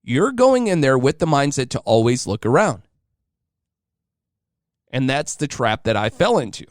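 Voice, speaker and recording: A man's voice: medium pitch, big pitch swings, unhurried, dry recording. A man in his thirties telling a casual, joking story as a podcast host. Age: 30s. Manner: chatty and joking, acting out voices.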